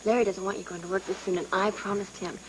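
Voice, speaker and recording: An actress playing a protective wife coaxing her husband to stay home, teasing and quick. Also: mid-range voice, steady tone, a little hiss or hum, natural voice, poor audio. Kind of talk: daytime soap acting.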